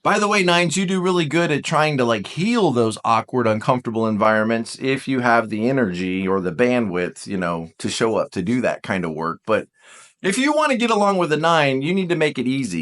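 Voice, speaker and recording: A man teaching viewers in a casual talk straight to the camera, animated and full of rhetorical questions aimed at his audience. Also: medium pitch, a little fast. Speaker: personality coach.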